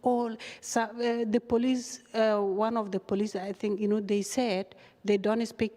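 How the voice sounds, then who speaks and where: Woman guest, halting speech with lots of fillers, talk recorded in a hall. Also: medium pitch. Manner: halting, many fillers, animated retelling. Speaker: guest, refugee activist. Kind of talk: casual interview storytelling. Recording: long hall reverb.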